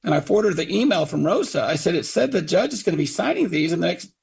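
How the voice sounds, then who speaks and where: Gravelly, indignant middle-aged father. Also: high voice, lively intonation, fast talker, darkish tone. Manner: indignant, quotes others in put-on voices. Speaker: father of a victim, radio guest. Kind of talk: angry retelling on talk radio.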